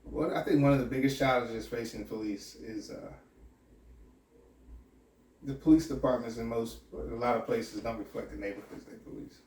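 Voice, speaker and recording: A man's voice: mid-range voice, moderate pace, a little mellow, reverberant, distant mic. A man who works as a sheriff's deputy and academy instructor, talking candidly and reflectively in a podcast interview with many restarts.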